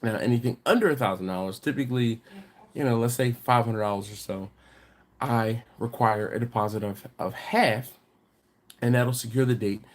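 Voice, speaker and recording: A man's voice: mid-range voice, moderate pace. A middle-aged man with a congested voice, hosting a barbecue channel's live stream in a casual, rambling way with many fillers and restarts.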